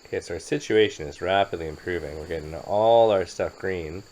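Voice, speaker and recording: A man's voice: deep voice, brisk, a little mellow, slight background noise, poor audio. A man narrating and commenting on his own gameplay in a playful, chatty way with jokey asides. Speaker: game commentator.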